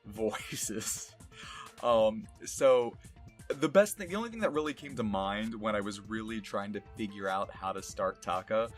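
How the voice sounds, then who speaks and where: A young man casually explaining his voice acting work, chatty and laughing often. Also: lowish voice. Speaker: voice actor.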